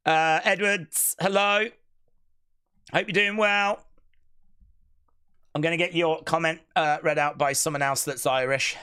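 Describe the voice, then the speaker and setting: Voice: mid-range voice, steady tone, unhurried, pauses often, pushed and bright, clean tone. A live stream host chatting casually during a watch-along, playfully reading out viewer comments. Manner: chatty, playful, reads chat comments aloud.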